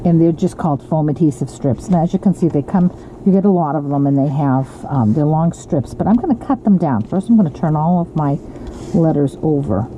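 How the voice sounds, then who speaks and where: Woman, home crafter, casual chatty tutorial delivery, lowish voice, noisy lo-fi recording. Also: expressive, fairly quick, warm tone. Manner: chatty, with frequent ums and self-corrections. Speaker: card-making demonstrator. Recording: lo-fi with audible background noise.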